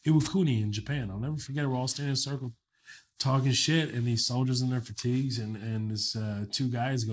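A comedian in his forties, chatting as a guest in a casual interview and telling animated stories with swearing. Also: medium pitch, quick pace. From Kuwait. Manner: animated storyteller, swearing, slipping into mock accents.

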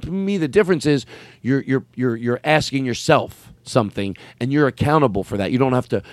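A man's voice: medium pitch, fairly quick, no room sound. A man hosting a podcast in casual comedic chat, riffing and swearing freely. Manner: animated, swearing, riffing with impressions. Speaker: podcast host.

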